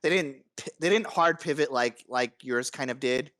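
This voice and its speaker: Halting man in casual podcast banter. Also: mid-range voice, fairly bright tone, no echo, clean studio sound. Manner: halting, lots of fillers and restarts, swears. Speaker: podcast co-host.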